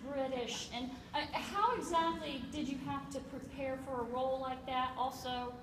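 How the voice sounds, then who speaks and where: A woman's voice: sits high, fairly even intonation, normal speed. A woman fan asking an actor a question at a convention panel, eager and gushing. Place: large convention hall. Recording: echoey hall, distant mic, crowd noise.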